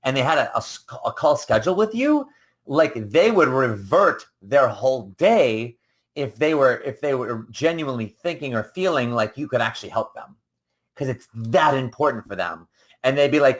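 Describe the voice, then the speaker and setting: A man's voice: medium pitch, animated, moderate pace. A man hosting a solo coaching podcast, talking casually and rambling, often acting out the people he quotes. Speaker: business coach and podcast host.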